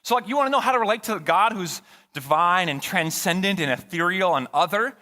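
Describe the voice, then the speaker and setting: A male pastor delivers a sermon in an easy, conversational way, trading jokes with the congregation. His voice sits a little high and is bright, with pitch that swings a lot. The sound carries the long reverb of a large church hall. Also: animated, brisk. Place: church sanctuary.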